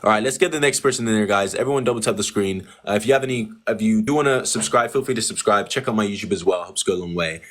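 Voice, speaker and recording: A man hosting a live online debate stream, talking in a calm, condescending way and repeating phrases slowly. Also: lowish voice. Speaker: livestream debate host.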